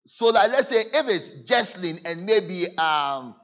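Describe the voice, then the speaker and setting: A man preaching a sermon to his church, earnest, moving between loud emphasis and soft asides. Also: sits high, lively intonation, takes it slowly, dull audio. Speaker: pastor. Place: church service.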